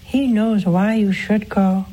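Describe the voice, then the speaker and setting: A nun hosting a call-in show, preaching and answering callers in a slow, earnest way, swooping up in pitch for emphasis. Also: female voice, fairly even intonation, dark tone, slightly rough, rough recording.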